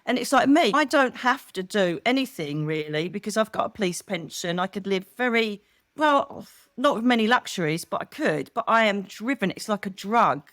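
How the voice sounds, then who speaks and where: Middle-aged English woman, lively storyteller, guest in a relaxed chat, mid pitch, dry close mic. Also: moderate pace, no room sound. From England. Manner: animated storytelling, acts out quoted voices. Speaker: guest psychic medium. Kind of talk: casual interview chat.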